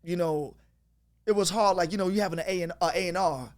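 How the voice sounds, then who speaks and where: A man with a notably high voice tells his stories at a rapid clip. He talks casually as an interview guest, jumping through anecdotes with lively energy. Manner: animated anecdote telling. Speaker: guest rapper.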